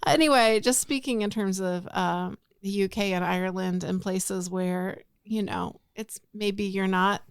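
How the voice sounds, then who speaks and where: A woman's voice: mid-range voice, steady tone, a little slow, few pauses, smooth, dry recording, studio quality. A woman co-hosting a casual podcast chat, talking in a chatty, rambling way. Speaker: podcast co-host.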